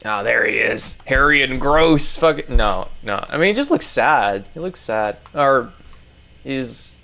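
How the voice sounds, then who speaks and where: A man's voice: mid-range voice, animated, measured pace, vocal fry, bright, forceful tone. A man casually reading an article aloud. He rambles, swears often and stumbles over words as he comments along the way.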